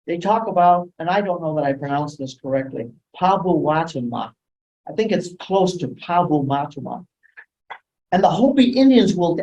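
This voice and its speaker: A man's voice: a little high, darkish tone, muffled recording. A man giving a rambling lecture talk, with many hesitations and restarts. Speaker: guest speaker. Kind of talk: lecture talk on sacred sites and ancient myths.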